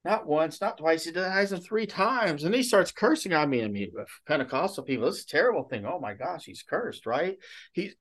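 Casual, higher-voiced male pastor preaching. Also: a bit bright. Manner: casual, rhetorical questions, frequent restarts. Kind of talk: conversational sermon.

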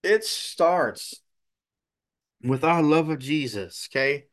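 Slow-talking man preaching a sermon. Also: on the high side, animated. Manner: conversational, repeats "okay?", many restarts.

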